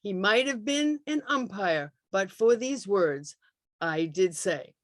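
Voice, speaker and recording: A woman voicing a proud, tearful old-fashioned mother in a slow, dramatic poem reading over a video call. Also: mid-range voice, animated, no echo, clean studio sound. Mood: indignant, tearful. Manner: slow, declaiming.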